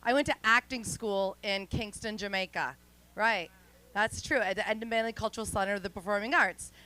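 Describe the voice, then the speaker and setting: Smooth-voiced woman doing stand-up. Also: mid-range voice, a little fast, rough recording. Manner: chatty, self-mocking, deadpan asides. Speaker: stand-up comedian. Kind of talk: live stand-up comedy set. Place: outdoor studio stage.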